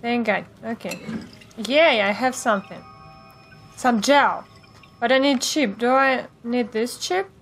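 A woman's voice: on the high side, takes it slowly, pauses often, a bit bright, faint music behind. A woman giving let's play commentary, talking to herself in a jumpy way and swearing at the game. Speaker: gameplay streamer.

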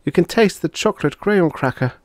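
A fussy, suspicious little girl turned chicken whines in a high, lively voice, as a man puts her on. She complains and pleads with every line. The storybook voice sounds close and dry. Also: quick pace, dry recording, lightly acted. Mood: whiny. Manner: whiny and complaining.

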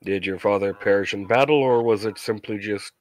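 A man acting as game master, narrating a tabletop role-play game and asking measured in-character questions. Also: fairly low pitch.

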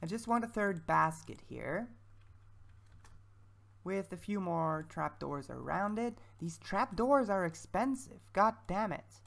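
A woman with a lowish, gravelly voice chats through her gameplay, thinking aloud as she goes. Her commentary is casual and self-mocking. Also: expressive, slow, a bit bright. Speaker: let's-play creator.

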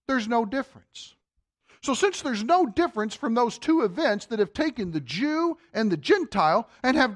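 A male pastor preaching a sermon, quizzing the congregation and dropping to a quiet voice for emphasis. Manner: animated, asks the congregation questions; drops to a low, quiet voice for emphasis. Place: church sanctuary.

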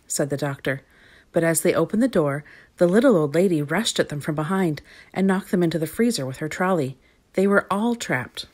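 A woman reads a children's story aloud, lively and expressive. Her voice is notably low for a woman. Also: normal speed.

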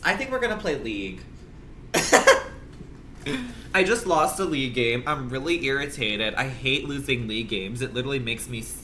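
Bright-voiced young man gossiping on stream. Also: mid-range voice, slight background noise. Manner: gossipy, profane, complaining. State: congested and coughing. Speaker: livestreamer. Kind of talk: casual livestream chat.

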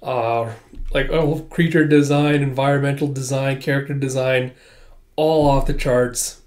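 Excitable man reading a manga aloud. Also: mid-range voice, a little slow. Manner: gushing and excitable. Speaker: manga reaction host.

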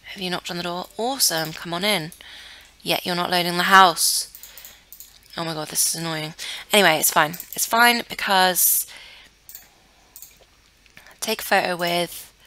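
A woman's voice: on the low side, unhurried, pauses often, pushed and bright. A young woman giving casual commentary on a life-sim game, chatty and easily flustered, talking to the characters on screen. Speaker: let's play gamer.

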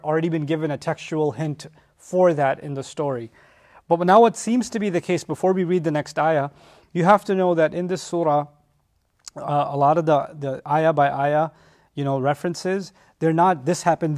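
Animated man teaching a scripture lesson. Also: on the high side. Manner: animated, explains by acting out quotes. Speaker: Quran teacher. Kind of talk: conversational Quran lesson.

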